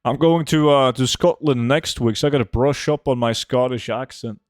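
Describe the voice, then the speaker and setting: A man, streaming a game and chatting casually with viewers, relaxed and full of fillers. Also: mid-range voice, normal speed, dry recording, studio quality. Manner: relaxed, answers chat with many fillers. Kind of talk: casual live-stream chat.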